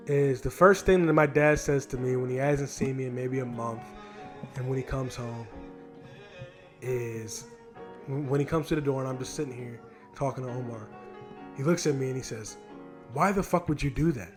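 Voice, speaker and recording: A man's voice: medium pitch, normal speed, pauses often, soft background music. A 20-year-old man telling a storytime vlog on a handheld mic in a home studio. He is frustrated and rambles, swearing often and restarting his sentences. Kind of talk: casual storytime monologue. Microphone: handheld microphone.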